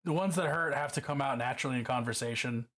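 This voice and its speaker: A man's voice: mid-range voice, quick pace, a bit bright. A man from Baltimore chatting casually on a live stream while painting miniatures alone in his room, profane, rambling and self-mocking.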